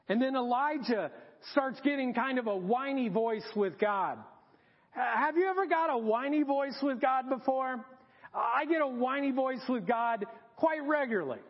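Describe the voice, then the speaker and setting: Slow, very high-voiced male preacher. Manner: repetitive, emphatic preaching. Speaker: pastor. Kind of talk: sermon. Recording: dull recording with long hall reverb.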